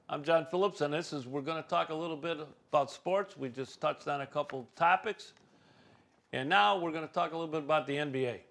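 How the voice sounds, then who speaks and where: A man hosts a small local talk show, chatting about hometown sports in a loose, rambling way. His voice sits a little high and rings bright and forward. He leans on fillers and restarts as he goes.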